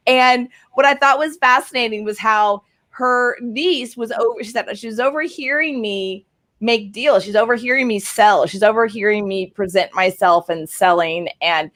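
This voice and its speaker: A woman's voice: a little high, normal speed, fairly bright tone. A woman hosting a casual interview over a video call, encouraging her guest and often adding "right?". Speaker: host.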